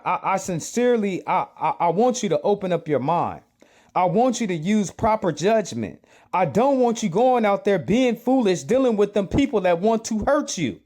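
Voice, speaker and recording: Man from the US, high voice, urgent sermon-like commentary, hammers the same point over and over. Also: a little mellow. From United States. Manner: urgent, lecturing, repeats himself. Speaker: commentator reacting to a clip. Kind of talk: preachy social commentary.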